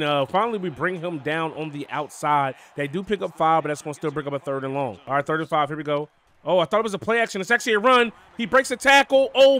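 A young man calls his own game at a rapid clip, in a voice that sits a little high for a man. He narrates casually to his viewers, hyped up, with sudden bursts of excitement on big moments. The feel is casual gaming commentary from a channel host.

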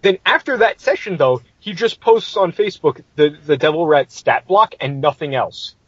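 A man's voice: on the high side, animated, moderate pace, a bit bright, breathy edge, no room sound, highs cut off. A man hosting a podcast, telling a tabletop game story in a casual, profane and exasperated way.

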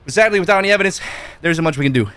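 A man reading out the lines of an earnest male police officer in a calm, level way. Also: sits high, rapid-fire, clean tone, no echo. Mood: reassuring.

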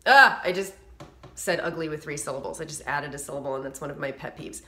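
A woman's voice: low-pitched, fairly even intonation, fast talker, roomy sound, slight background noise. A woman vocal coach giving a singing lesson to camera, explaining technique and breaking into short sung and nasal demos.

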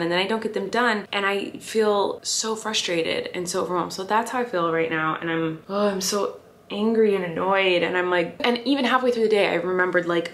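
A woman in her thirties venting to her viewers in a confessional home vlog, rambling quickly and close to tears. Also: on the low side, fairly even intonation, a bit bright, slight background noise. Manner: frustrated venting, fast rambling. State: on the verge of tears. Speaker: vlogger. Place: home, indoors at night.

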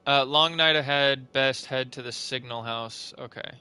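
A man's voice: medium pitch, a little slow, pushed and bright, clear, resonant tone. A man giving sarcastic, swear-filled commentary on a horror game as he plays, talking to himself and putting on a half-hearted accent. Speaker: let's play gamer. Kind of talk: casual gameplay commentary.

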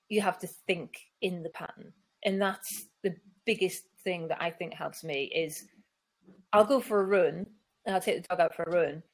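A middle-aged woman author talking casually in an interview, chatty and self-deprecating, acting out other people's lines as she tells stories. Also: fairly low pitch. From Newcastle, England. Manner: chatty, self-deprecating, acts out quoted voices. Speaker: picture book author, guest.

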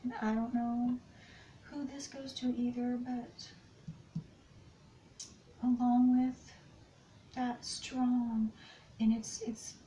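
A woman giving an intuitive tarot card reading, speaking softly and often dropping into whispers. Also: on the high side, flat delivery, drawn-out words, pauses often, a little hiss or hum, rough recording. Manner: soft-spoken, slips into whispers often. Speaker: tarot and astrology reader.

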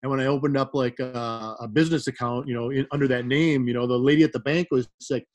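A middle-aged Midwestern man, a rave promoter appearing as a guest, rambles through stories in casual conversation, laughing often and packing his talk with fillers. His voice is medium in pitch with fairly even intonation, and he speaks quickly with hardly any pauses.

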